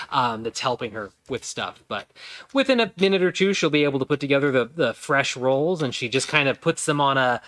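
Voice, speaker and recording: A man narrates a tabletop role-playing scene as game master, lingering on details and filling pauses with ums. His voice is bright and forward, at an ordinary pitch for a man. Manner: descriptive, hesitant with many ums.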